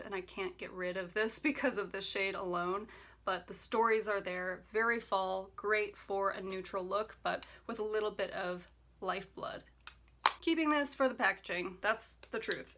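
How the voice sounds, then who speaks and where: A young adult woman chatting casually as a beauty vlogger, enthusiastic, with soft whispered asides. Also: medium pitch. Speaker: beauty YouTuber. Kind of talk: casual decluttering vlog.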